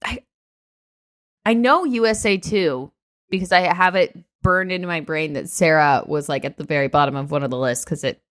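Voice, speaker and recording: A woman co-hosting a podcast in casual chat, giggly and animated. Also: deep voice, moderate pace, dry recording, studio quality. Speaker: podcast co-host.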